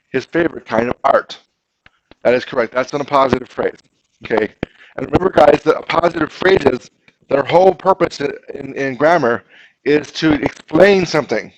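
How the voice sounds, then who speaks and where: A man's voice: mid-range voice, dry recording, lo-fi sound. A man teaching a grammar lesson to a class, patiently explaining step by step and asking his students questions.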